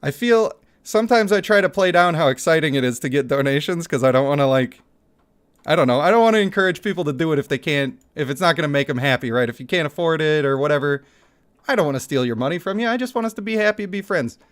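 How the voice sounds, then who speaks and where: A young man hosts a casual gaming livestream. His voice sits a little high for a man, and he talks in an animated, chatty way, laughing often as he reads his chat aloud. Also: fast. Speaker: streamer.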